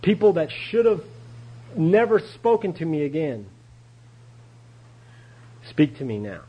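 Husky man telling a candid recovery story. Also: a little high, very animated, slow, muffled recording. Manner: candid, storytelling, chuckles often. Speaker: recovery meeting speaker. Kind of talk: personal testimony talk.

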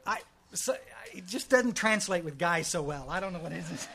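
A man's voice: high-pitched, expressive, normal speed, creaky, pushed and bright, a little hiss or hum. A middle-aged man from Texas with a Texan accent, giving a folksy, emphatic testimony talk at a recovery meeting.

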